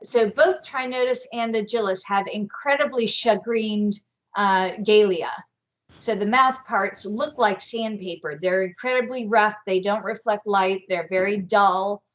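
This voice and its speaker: A woman teaching bee identification on a video call, explaining slowly and carefully with frequent fillers. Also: mid-range voice. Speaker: guest bee expert. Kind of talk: live online workshop teaching.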